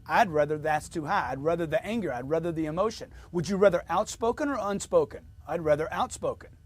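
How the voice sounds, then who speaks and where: An emphatic male sales trainer coaches his listeners and hammers his points home through repetition. His voice sits a little high and moves around a great deal. The recording is dry and close. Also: expressive, fast talker, no room sound. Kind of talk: motivational sales lesson.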